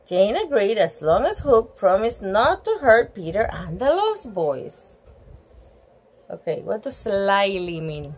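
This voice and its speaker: A woman's voice: medium pitch, sing-song, slow pace, rough recording. A woman reading a picture book aloud, gasping and exclaiming over the pictures with chatty asides. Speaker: storybook reader.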